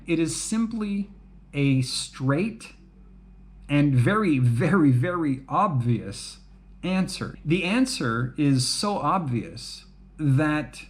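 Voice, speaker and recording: A man explaining things to English learners at a slow, easy pace. His voice sits a bit high for a man. He keeps it relaxed and chatty, checking in with "right?" and laughing at his own jokes. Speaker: English teacher.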